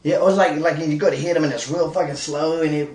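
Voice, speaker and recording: A man in casual talk, rattling off fights quickly with plenty of cursing. His voice comes from a distance in an echoey room. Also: on the high side. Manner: profane, animated. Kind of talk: casual profane chat.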